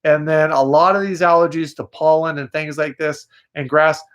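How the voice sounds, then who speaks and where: A man hosting a live psychic call-in show, gently reassuring and a little nasal today. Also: fairly high pitch, steady tone, normal speed. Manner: gentle, reassuring, calls people dear. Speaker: psychic host.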